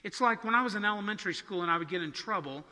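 A man preaching in a church sanctuary, his high, very bright voice carrying a long hall reverb. He talks conversationally and slows down to stress key words. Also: animated. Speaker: pastor. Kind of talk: sermon.

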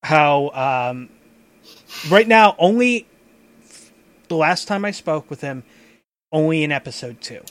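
A man's voice: fairly high pitch, expressive, slow, pauses often, dry recording. A man in casual chat as a game master and host, rambling with frequent restarts and casual swearing.

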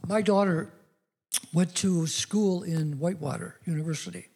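A man's voice: a little high, normal speed, mellow, husky. A middle-aged man preaching a sermon, telling personal stories in an earnest way that rises to emphatic declarations.

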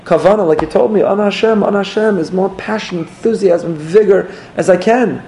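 A man voicing a desperate Hasidic follower who pleads with his rebbe in a strained, high voice. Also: fairly quick, vocal fry, noisy background. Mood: pleading.

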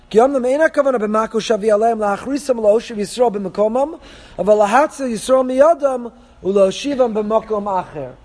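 A man's voice: very high-pitched, darkish tone. A man teaching from source texts in a study lecture. He reads passages aloud, translates them, and drives each point home with rhetorical questions. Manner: emphatic, poses rhetorical questions. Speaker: Torah teacher. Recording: long hall reverb.

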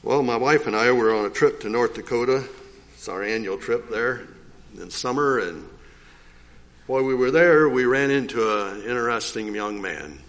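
An older man giving a rambling, folksy testimony in church, clearing his throat often. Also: mid-range voice, expressive, normal speed, fairly bright tone. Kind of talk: informal testimony.

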